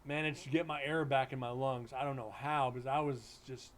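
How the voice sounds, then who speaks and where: A man's voice: medium pitch, steady tone, a little fast, slight background noise. A man hosting a livestream, telling stories in a loose, blunt, joking way. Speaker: livestream host. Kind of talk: casual storytelling chat. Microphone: streaming setup mic.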